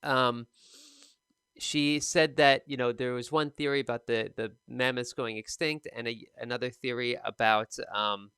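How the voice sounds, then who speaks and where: Bright, crisp-voiced man teaching. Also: medium pitch, fairly even intonation, unhurried, no room sound, studio quality. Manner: casual and conversational, many fillers. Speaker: TOEFL speaking teacher. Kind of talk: recorded lesson giving feedback.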